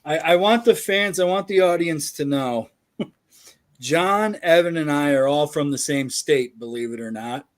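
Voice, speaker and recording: A man from upstate New York hosting a wrestling podcast, friendly and quick to laugh as he leads the chat. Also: fairly high pitch. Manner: friendly, laughs easily, asks leading questions. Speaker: podcast host. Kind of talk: casual interview chat.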